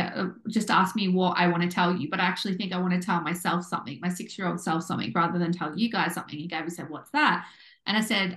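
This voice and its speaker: A woman co-hosting a podcast, telling a story in a bubbly, animated way and acting out what people said. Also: fairly low pitch. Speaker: podcast co-host. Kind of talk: casual chat. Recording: echoey room.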